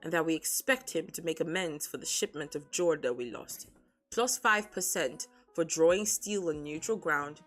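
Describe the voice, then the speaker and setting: A woman reading aloud the lines of a calculating young male crime boss, in a flat, even way with her own low voice. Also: moderate pace, soft background music. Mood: cold threatening.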